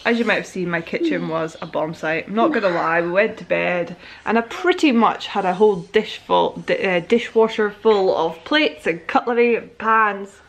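A woman's voice: mid-range voice, animated, moderate pace, slight background noise. A woman chatting casually to camera at home, rambling on about her plans for the day. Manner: chatty, rambling, drifts between plans and baby talk. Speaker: vlogger and first-time mum. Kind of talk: casual vlog chat to camera. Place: at home indoors.

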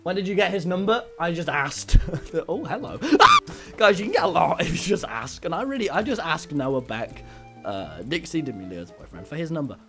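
A young man streaming a game in casual chat, loud and brash, swearing and swinging into shouts. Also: a little high, big pitch swings, moderate pace, music in the background. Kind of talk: casual gaming livestream chat.

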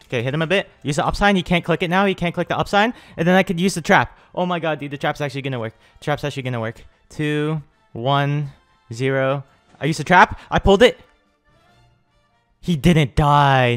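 A young man hosting a gaming channel, giving excitable live commentary on his own play and hyping every win with slang. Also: medium pitch, dry recording.

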